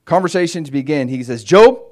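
A man preaching a sermon in an animated way, acting out quoted voices as he retells stories. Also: fairly high pitch, a little slow. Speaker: pastor.

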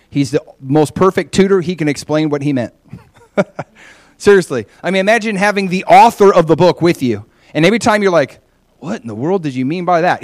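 A man's voice: fairly high pitch, darkish tone, no room sound. A middle-aged man preaching and telling personal stories, often acting out the people he quotes. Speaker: pastor.

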